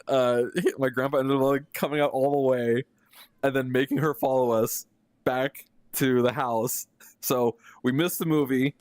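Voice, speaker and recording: A man's voice: mid-range voice, no room sound. A young adult man, a live streamer, telling a story casually and with animation, laughing often and using lots of fillers.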